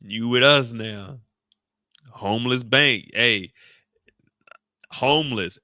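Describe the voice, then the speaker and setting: A man recaps a TV episode in loose, slangy, joking commentary. His voice is bright and forward. It is recorded dry, with no room echo. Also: medium pitch, slow pace, pauses often. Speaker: YouTube show recapper. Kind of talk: casual reaction commentary.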